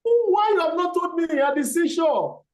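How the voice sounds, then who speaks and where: A man voicing a clever monkey in a fable, eager and quick-witted. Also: very high-pitched, sing-song, roomy sound, pitched above the performer's own voice. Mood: crafty.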